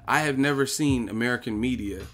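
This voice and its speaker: A man's voice: mid-range voice, brisk, a bit bright. A man hosting a boxing live stream, ranting in a profane, confrontational way. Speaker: boxing channel host.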